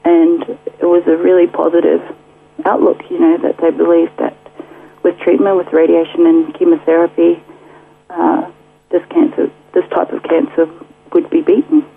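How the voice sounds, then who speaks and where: A woman shares her story as a radio guest in a chatty, filler-filled way, laughing often. Her voice is husky. She is heard over a thin, tinny phone line. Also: on the low side, little pitch movement, moderate pace. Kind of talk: casual testimony.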